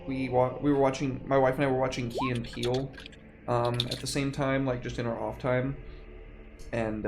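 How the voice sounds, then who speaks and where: A man's voice: mid-range voice, creaky, background noise. An American man hosting a live tabletop game stream, chatting in a laid-back, folksy way. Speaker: host and player. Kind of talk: casual livestream chat.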